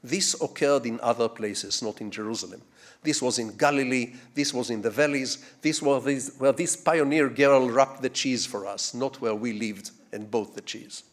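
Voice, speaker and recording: An older man with an Israeli accent delivers a storytelling lecture at a middle pitch. He wanders into digressions and asks the audience rhetorical questions. He moves from hushed asides to big, swelling phrases. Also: normal speed. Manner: digressive, with rhetorical questions and sweeping dramatic shifts in loudness. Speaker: guest lecturer.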